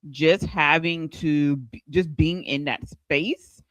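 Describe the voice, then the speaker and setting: A woman co-hosting a podcast with her siblings, telling stories in an animated, casual way. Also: low-pitched, slow, no room sound, dull audio. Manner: animated storytelling, laughs often. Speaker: podcast co-host. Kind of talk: casual chat.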